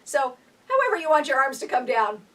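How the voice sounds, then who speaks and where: A woman instructor calmly leading a guided chair breathing exercise, counting breaths aloud with gentle instructions. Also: sits high, brisk. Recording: voice picked up from a distance.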